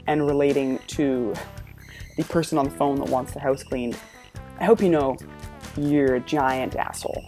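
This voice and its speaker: A woman with a low, mellow voice rants about what she has just watched. She is blunt and exasperated and swears freely. Music plays softly behind her. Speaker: reaction commentator. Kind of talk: ranting reaction commentary.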